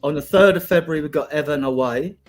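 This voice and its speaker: A man's voice: a little high, fast talker, soft background music. A man on a fan call-in show panel, opinionated and bantering with the others. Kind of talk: casual live-stream chat.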